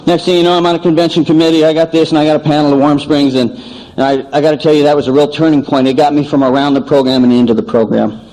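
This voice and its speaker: A man giving an animated recovery meeting share, acting out dialogue as he tells stories, on an old cassette tape recording. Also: fairly high pitch, fast talker, rough recording. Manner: animated storytelling, acts out dialogue. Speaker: AA speaker.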